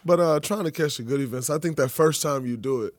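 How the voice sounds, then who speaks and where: A pro basketball player as a guest, talking in a relaxed, easygoing way with lots of "you know.". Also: male voice, fairly high pitch, quick pace, dry recording. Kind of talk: casual interview.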